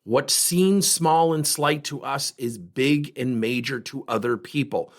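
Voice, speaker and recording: A man's voice: medium pitch, measured pace. A middle-aged man hosting his own coaching podcast, talking emphatically and driving his points home to listeners. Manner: animated, emphatic, acts out quoted dialogue. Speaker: podcast host and leadership coach. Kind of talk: solo podcast monologue.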